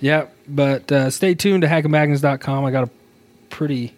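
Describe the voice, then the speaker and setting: A man's voice: a little high, normal speed, a little hiss or hum. A man co-hosting a podcast in casual chat, upbeat and chatty, often laughing as he talks. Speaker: podcast co-host.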